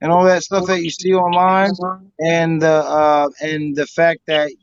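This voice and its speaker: A man's voice: fairly high pitch, little pitch movement, measured pace, smooth, dry recording. A man on a casual online panel who keeps pressing his questions and cutting in. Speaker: panel guest. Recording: dry, dull call audio.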